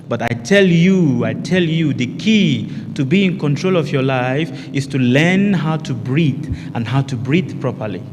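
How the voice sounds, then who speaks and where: A man's voice: a little high, a little mellow, a little hiss or hum. Emphatic male meditation teacher, echoing hall. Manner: asks rhetorical questions and answers them himself; emphatic, repeats key phrases. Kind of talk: spiritual teaching talk to a group.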